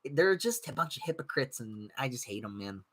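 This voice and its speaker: A man's voice: medium pitch, a little fast, breathy edge. A young man hosting a podcast, chatting casually and bluntly, swearing often and mocking people he disagrees with. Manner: blunt, profane, animated, mocks others in put-on voices. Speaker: podcast host reading live chat. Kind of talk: casual rambling chat.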